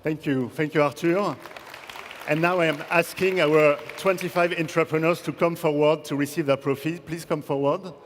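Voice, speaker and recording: A ceremony host with a voice on the high side speaks at a normal speed in a steady tone, politely inviting people up and introducing speakers at an awards event. Some chatter can be heard behind him. The large conference hall adds reverb, along with audience and ambient noise.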